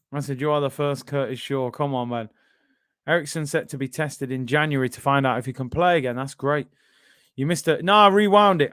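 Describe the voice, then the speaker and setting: A man with a British accent hosting a live football watch-along, bantering excitably and reading out viewer comments. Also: a little high, clear, resonant tone, dry recording, studio quality.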